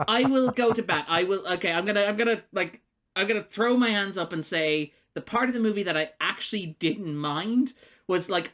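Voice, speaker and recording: A man co-hosting a film podcast, chatting casually and animatedly, laughing often and acting out quoted lines as quick asides. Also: sits high, fairly bright tone. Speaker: podcast co-host, film critic.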